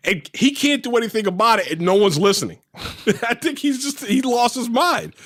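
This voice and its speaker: A man telling a story in casual podcast chat, animated and profane, acting out the people in it. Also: very high-pitched, normal speed. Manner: animated, profane, acts out voices. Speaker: podcast host.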